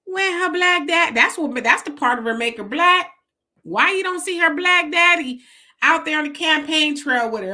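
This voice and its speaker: A woman hosts a live-stream political commentary show. Her high, sharp, bright voice drives emphatic, mocking talk, full of pointed rhetorical questions. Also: normal speed. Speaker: host.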